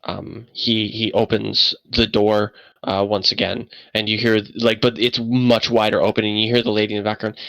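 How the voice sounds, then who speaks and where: A man narrating a tabletop game as game master, halting and full of fillers. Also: lowish voice, level tone, creaky, a bit bright, dry recording, rough recording.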